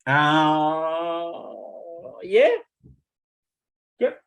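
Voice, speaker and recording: A man running a tabletop game as game master, relaxed and chatty, with frequent ums. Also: on the high side, extremely slow, smooth, rough recording.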